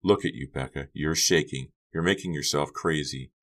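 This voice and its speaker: A man voicing a quiet, low-key teenage boy in an audiobook. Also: normal speed. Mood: calm. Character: laid-back teenage boy, soft-spoken. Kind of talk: audiobook character voice.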